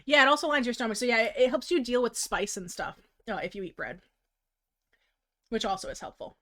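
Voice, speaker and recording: A woman streamer chatting casually while she draws, bubbly and quick to laugh. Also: on the high side, lively intonation, a bit bright. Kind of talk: casual livestream chat.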